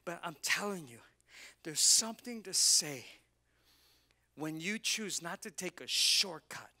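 A male pastor preaching in a church, with a bright, forceful voice that sits a little high. He tells a personal story in a halting, emotional way, then swells into loud, fervent preaching.

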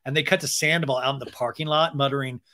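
This podcast host talks fast in a mid-range voice while recapping reality TV. His style is loose and gossipy, full of swearing and animated reenactments of people's quotes.

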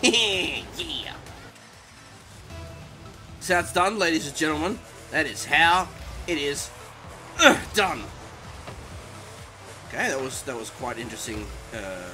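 A man giving excitable, self-mocking commentary over his own gameplay, exclaiming and groaning as it goes. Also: fairly high pitch. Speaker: gaming commentator.

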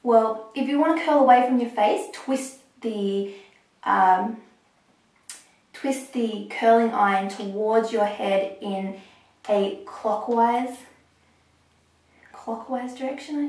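A young woman talking through a hair tutorial step by step, a little hoarse as she is losing her voice. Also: fairly high pitch, distant mic. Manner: chatty, explaining step by step with pauses. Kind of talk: casual how-to talk while working. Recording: echoey room, voice off-mic.

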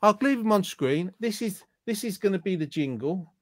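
A man's voice: sits high, animated, normal speed, dry recording. A man hosting an online quiz show, reading out viewers' answers and teasing them in a jokey way. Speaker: quiz host.

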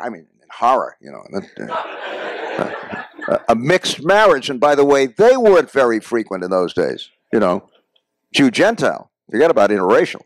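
With big pitch swings, a mid-range voice and a moderate pace, an older American man recounts personal anecdotes to a class as a guest speaker. The storytelling lecture takes place in a classroom or lecture hall, he often says "folks," and the recording is dry.

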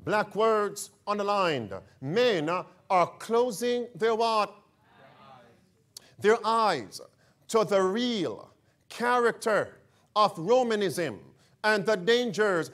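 A man's voice: sits high, fairly bright tone. A man preaching a sermon who keeps throwing questions back at his listeners and calls them friends. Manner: emphatic call-and-response questions.

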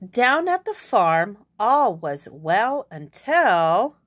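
A woman's voice: mid-range voice, very animated, drawn-out words. A young woman reading a picture book aloud expressively, adding asides to her listeners. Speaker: storyteller.

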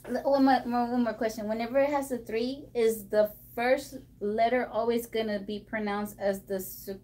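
A woman's voice: fairly high pitch, steady tone, normal speed, mellow. A woman taking a casual one-on-one lesson, repeating words after her teacher and asking short questions. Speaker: student.

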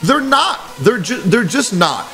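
Earnest, blunt man with a lively voice. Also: high voice, a little slow, faint music behind. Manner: earnest and blunt, swearing often. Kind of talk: candid personal talk.

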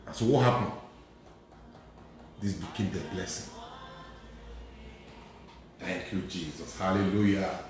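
A priest preaching a sermon, telling a testimony with emphatic repetition and acting out the dialogue. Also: male voice, sits low, takes it slowly, long pauses, slight background noise. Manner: emphatic, repeats phrases, acts out dialogue. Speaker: Catholic priest. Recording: very echoey hall.

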